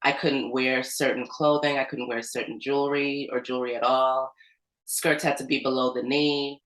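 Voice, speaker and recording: An American community organizer tells a personal story at an organizing meeting in a rumbling low, fairly bright voice, steady in tone and at normal speed. Her telling is loose and conversational, full of "like" and "um," and the low-quality recording sounds reverberant.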